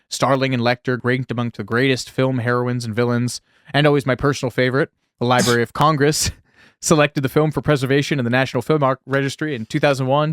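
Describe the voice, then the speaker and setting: Man, podcast co-host, casual film chat, wry asides, mid pitch, dry close sound. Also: no room sound. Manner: wry, quoting sources, sarcastic asides.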